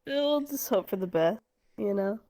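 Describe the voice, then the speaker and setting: A young woman co-hosting a casual chat show, agreeable and quick to giggle. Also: mid-range voice, lively intonation, gravelly, mellow.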